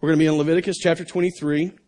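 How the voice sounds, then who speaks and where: A man with a fairly high voice preaches from a church stage. He reads a scripture passage aloud and then talks it through plainly, repeating himself and restarting phrases as he goes. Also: level tone, very fast, darkish tone. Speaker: pastor. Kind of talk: sermon. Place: church stage under bright lights.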